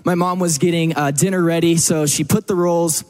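A man's voice: fairly high pitch, fairly even intonation, normal speed. A man from Texas, preaching a sermon to a church in a casual, joking storytelling manner. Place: church service.

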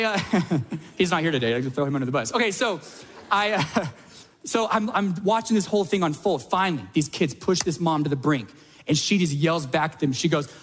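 A man in his thirties delivers a sermon in a fairly high voice. He tells everyday stories with energy and acts out quick asides as he goes. The sound carries a long reverb, as from a large church hall. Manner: energetic storytelling with acted-out asides. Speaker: pastor.

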